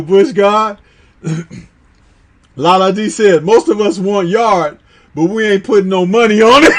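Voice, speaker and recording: High-voiced laughing Chicago man. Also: a little slow. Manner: animated, laughs often, slangy. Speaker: livestream host reading chat. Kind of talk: casual live chat.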